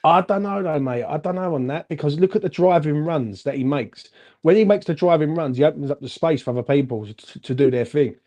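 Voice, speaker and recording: A man co-hosting a casual football fan chat, animated and chatty, calling everyone "mate". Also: a little high, a little fast. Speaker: fan channel co-host.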